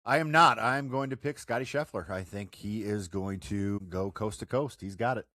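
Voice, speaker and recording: A man co-hosting a sports podcast, teasing and lively in casual chat. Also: fairly low pitch, normal speed, dry recording, clean studio sound. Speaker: podcast co-host.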